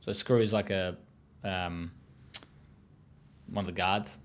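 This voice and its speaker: A man's voice: low voice, steady tone, measured pace. An Australian man speaking as an interview guest, telling his story in a blunt, profane, casual way with many fillers.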